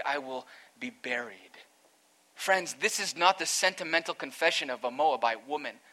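Man, pastor, sermon, bright tone, slightly high pitch, earnest expository preaching. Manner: earnest expository preaching, rising to emphatic peaks.

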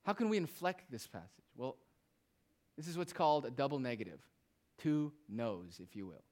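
A male pastor preaching a sermon, moving between loud, emphatic phrases and quiet, hushed asides. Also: medium pitch, lively intonation, moderate pace.

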